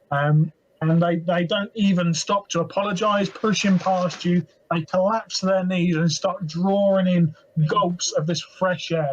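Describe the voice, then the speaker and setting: A man's voice: high-pitched, muffled recording. A man narrating as game master of a tabletop game, describing scenes steadily with some fillers.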